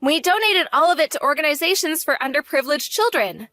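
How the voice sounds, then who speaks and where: Blunt, cutting young wife, high animated voice, dry close sound, voiced by a woman. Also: fast talker, dry recording. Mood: cold.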